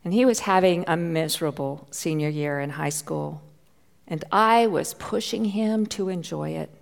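Woman pastor, gravelly voice in a hall. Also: low voice, normal speed. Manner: personal storytelling, heartfelt, drops to near whisper at tense moments. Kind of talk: sermon. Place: church.

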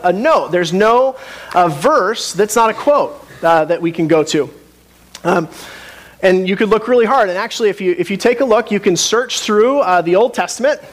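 A man preaching a sermon in a conversational way, asking the congregation questions and often restarting his sentences. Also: high voice. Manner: conversational, with frequent restarts and asides. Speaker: pastor.

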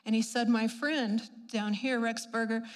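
A woman shares a healing testimony with lively, expressive storytelling, playing out her own reactions and laughing along the way. Her voice sits high, and it carries a long echo, as if recorded in a large hall. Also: a little slow. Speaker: speaker sharing a healing testimony. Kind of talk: animated personal testimony.

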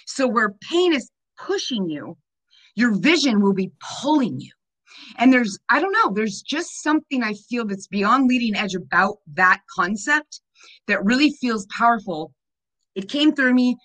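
A woman's voice: fairly high pitch, sing-song, measured pace, fairly bright tone. A woman speaking earnestly and enthusiastically in a casual podcast conversation. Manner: enthusiastic, earnest, spiritual talk.

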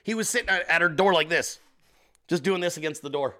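A middle-aged man hosting his own show, rambling casually with constant swearing and animated asides. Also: fairly high pitch, fairly quick. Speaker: show host. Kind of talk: casual profane livestream chat.

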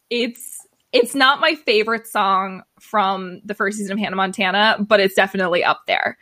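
A young woman co-hosting a podcast, recapping an episode in an enthusiastic, excitable casual chat. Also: fairly high pitch. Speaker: podcast co-host.

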